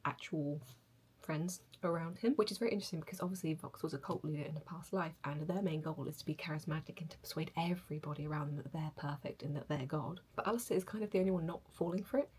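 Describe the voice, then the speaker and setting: A young woman reacting to a show on her channel, gasping and gushing excitedly. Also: sits low, fast, hardly any pauses, slightly rough. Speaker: reaction video host. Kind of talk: casual reaction commentary.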